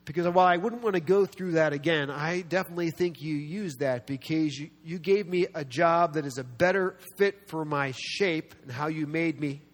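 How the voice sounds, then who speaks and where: A man preaching a sermon with a slightly raised pitch, animated and quick to act out the people he quotes. His voice carries a long reverb from a large hall. He mixes in self-deprecating humor. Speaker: pastor.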